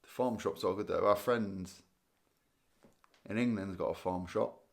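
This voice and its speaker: A low, creaky, unhurried male voice belongs to a Guernsey livestream host who is tired and yawning. He reads viewer comments aloud in a loose, chatty ramble, thinking out loud, restarting, and laughing a little.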